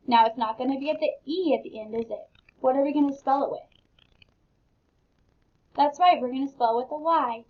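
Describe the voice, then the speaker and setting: A woman's voice: high-pitched, creaky, slightly rough. A woman teaching a phonics lesson to young children, patient and encouraging, spelling words out letter by letter. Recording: dull lo-fi sound.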